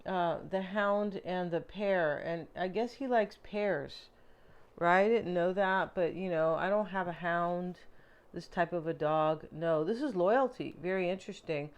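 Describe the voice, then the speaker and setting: Lady tarot reader, lowish voice, talky and meandering, lots of uhs and you knows. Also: measured pace, clean tone, lo-fi sound. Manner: chatty, rambling, many fillers and asides. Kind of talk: casual tarot reading monologue.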